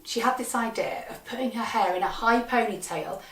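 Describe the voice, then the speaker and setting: A woman's voice: fairly high pitch, moderate pace. Wry woman telling a comic story. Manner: deadpan, wry, punchy delivery. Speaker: comedian storyteller. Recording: echoey, from a distant mic.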